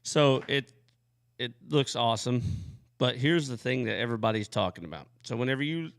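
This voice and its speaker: A man co-hosting a casual podcast, excitable and slangy, laughing between his lines. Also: medium pitch, fairly quick. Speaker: co-host. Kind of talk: casual chat.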